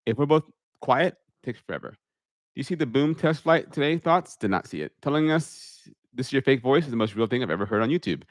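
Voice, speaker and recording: A man speaks in his polished public speaking voice, not his everyday one. He reads viewer questions aloud and answers them plainly, as a pilot hosting a live stream from his home media room. His pitch sits in the middle range and the sound is close and dry on a studio microphone. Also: animated, no echo. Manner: uses a deliberate put-on public speaking voice. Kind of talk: live Q&A stream, casual chat. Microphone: studio microphone on a holder.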